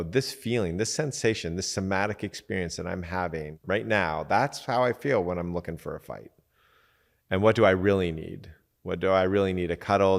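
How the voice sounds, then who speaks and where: A man's voice: sits low, creaky, long reverb tail. A man talking casually as a relationship coach, full of fillers and acting out quoted back-and-forth exchanges. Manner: conversational, acts out quoted exchanges, many fillers. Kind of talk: casual teaching talk.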